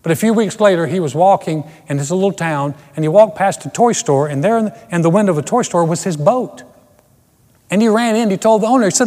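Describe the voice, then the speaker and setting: Earnest pastor preaching in a reverberant hall. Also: male voice, high voice, fast talker, a little mellow. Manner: earnest, emphatic preaching with repeated restarts. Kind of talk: sermon. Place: empty church auditorium.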